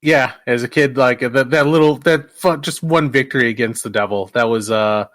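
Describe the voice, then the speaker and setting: A man co-hosting a podcast, talking about a film in halting, stop-start sentences with casual swearing. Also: mid-range voice, fairly bright tone, no echo. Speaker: podcast co-host. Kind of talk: casual movie discussion.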